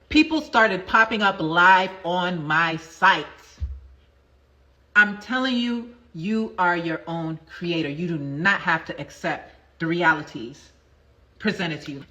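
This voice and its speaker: A woman's voice: mid-range voice, sharp tone, rough recording. A woman in her forties, a manifestation coach, telling a story in a chatty, emphatic livestream talk and repeating phrases for effect. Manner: chatty storytelling with asides to viewers.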